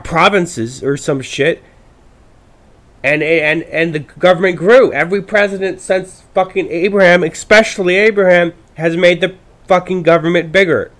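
A male podcast host with a somewhat high-pitched voice, ranting about politics. He swears constantly and rambles, stumbling over false starts and restarting his sentences. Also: fairly bright tone. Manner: profane, rambling, with frequent restarts.

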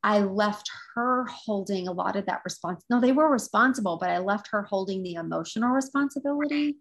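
A woman's voice: mid-range voice, lively intonation, brisk. A woman guest who teaches intuitive development, telling a story in an earnest, reflective casual chat.

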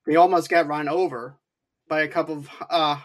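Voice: mid-range voice, fairly even intonation, normal speed. Rambling co-host recapping a film. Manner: rambling, repeats filler phrases like "too, though". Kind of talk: casual movie recap chat.

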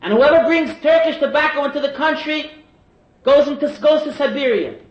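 A man's voice: very high voice, brisk, voice pushed up. A man voicing a pious old rebbe. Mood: fervent. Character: old male Hasidic rebbe, pious and stubborn. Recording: echoey and dull lo-fi.

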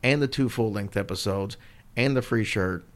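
A relaxed man co-hosting a podcast, his voice sitting a little low. He talks in a loose, meandering way, full of little fillers and restarts. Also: normal speed. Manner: rambling and easygoing, with fillers. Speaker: podcast co-host. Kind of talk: casual chat.

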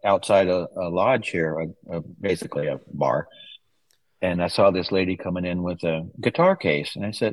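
Deep-voiced man telling rambling anecdotes. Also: brisk, no room sound, poor audio. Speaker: guest, author's son. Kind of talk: casual interview storytelling. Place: West Coast wine region home.

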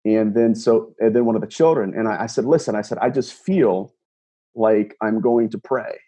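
A man being interviewed, retelling a personal encounter in an animated way, often restarting and repeating words. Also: on the low side, normal speed, slightly rough. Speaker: guest, paranormal investigator. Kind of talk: storytelling interview.

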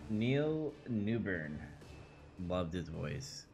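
Podcast co-host, male, low voice, loose and hesitant, full of fillers. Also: sing-song, extremely slow, a little mellow, faint music behind. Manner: rambling, hesitant, many fillers. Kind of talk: casual chat.

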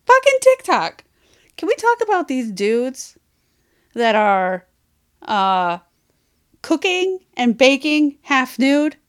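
A woman's voice: high-pitched, big pitch swings, slow pace, long pauses, smooth. Giggly, gushing woman podcast host. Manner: giggly, gushing, self-described as very emotional. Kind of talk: casual chat.

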